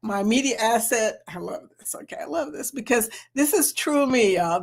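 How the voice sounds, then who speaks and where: A woman's voice: a little high, lively intonation, normal speed, hardly any pauses. A woman hosting a casual live stream, bubbly and laughing often as she greets chat members one by one.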